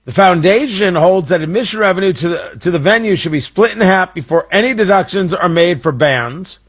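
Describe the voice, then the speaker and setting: A man's voice: sits high, a bit bright, husky. A man hosting a talk radio show, chatting casually with wry asides and frequent restarts.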